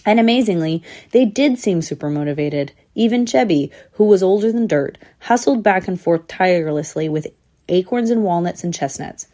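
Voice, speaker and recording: A woman's voice: fairly low pitch, moderate pace. A woman narrating a storybook, giving each character its own voice. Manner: lively, voicing each squirrel.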